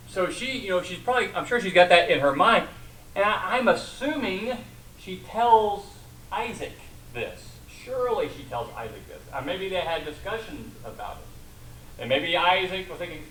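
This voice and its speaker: A man's voice: on the high side, fairly bright tone, far from the mic, slight background noise, poor audio. A man teaching a sermon in a conversational way, asking the congregation questions and retelling scripture. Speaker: pastor.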